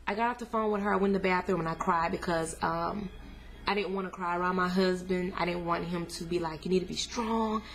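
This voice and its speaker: A young woman candidly telling her viewers a painful personal story, earnest and plain-spoken, her voice climbing high when she recalls her anger. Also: steady tone, fairly quick. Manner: casual, addresses viewers as y'all. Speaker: vlogger sharing a family update. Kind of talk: emotional personal storytelling to camera.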